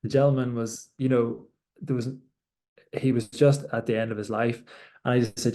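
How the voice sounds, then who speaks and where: Young doctor-athlete guest from Ireland, dark voice, flat reflective delivery. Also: male voice, medium pitch, moderate pace. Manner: reflective, many restarts and repeated words. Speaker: doctor and Olympic rower. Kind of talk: conversational interview.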